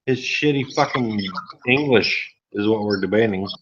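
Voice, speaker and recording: A man's voice: lowish voice, moderate pace. A man swaps crude, swearing jabs in a casual online group call. His voice comes through a muffled, lo-fi line. A faint hiss runs underneath. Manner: crude, insulting, mocking banter.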